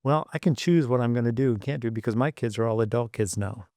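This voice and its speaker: A middle-aged man from Michigan, formerly an engineer, guests on a podcast and tells animated stories during the interview, imitating the voices of those he quotes. He speaks quickly in a mid-range voice, with a dry, clean studio recording.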